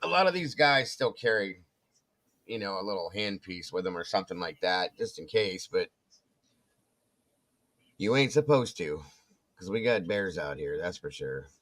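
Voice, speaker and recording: A man with a low voice that swings widely as he talks, telling a casual story and acting out the people in it. He jumps up into quoted voices and then drops back down into relaxed chat. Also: moderate pace, pauses often. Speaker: co-host.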